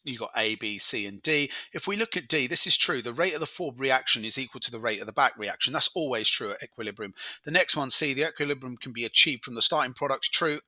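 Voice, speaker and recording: A man's voice: medium pitch, sharp tone, no echo. A man tutoring chemistry, talking casually through exam questions as he works them out aloud. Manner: chatty, talks through working aloud. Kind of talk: exam walkthrough lesson.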